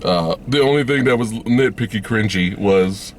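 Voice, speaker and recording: A man hosting a casual movie review vlog, swearing freely and acting out scenes in high mocking voices. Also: moderate pace, slight background noise. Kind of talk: casual spoiler review chat.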